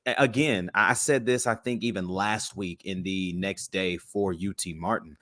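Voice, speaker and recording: Male podcast co-host, low voice, dry close sound, slangy and hyped. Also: normal speed, fairly bright tone, dry recording. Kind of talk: casual sports chat.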